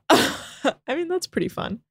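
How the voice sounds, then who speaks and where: A woman's voice: high voice, very animated, slow, creaky, fairly bright tone, dry recording, studio quality. A woman co-hosting a TV recap podcast, teasing and mock-arguing with her co-host in casual banter.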